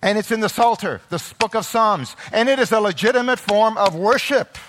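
A man preaching a sermon, moving from quiet explanation to loud, impassioned exclamations, and acting out the voices of parents and children. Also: sits high, fairly quick. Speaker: pastor.

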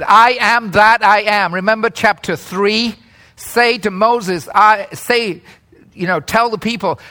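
A man with a high-pitched, bright voice preaches a sermon slowly and deliberately, then breaks into loud, animated calls on key words with a joking warmth.

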